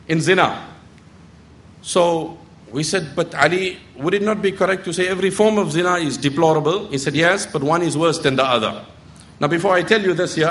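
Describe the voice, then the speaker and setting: A middle-aged male preacher with a noticeably high voice delivers a sermon. He tells stories and acts out the people in them, now and then reciting verses in Arabic. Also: fairly bright tone.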